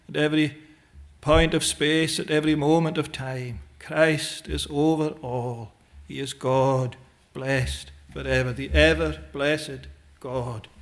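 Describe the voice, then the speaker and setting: Male preacher, sermon, slow and deliberate, fairly high voice, hesitant "eh" pauses. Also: gravelly. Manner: old-fashioned scriptural phrasing.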